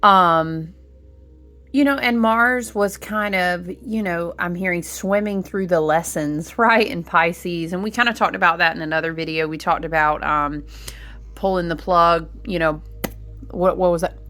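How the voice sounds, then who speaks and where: A woman's voice: lowish voice, measured pace, fairly bright tone, faint music behind. A woman giving a casual spiritual tarot reading to her viewers. She talks in a chatty, rambling way, with lots of fillers and asides to "y'all". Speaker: tarot reader.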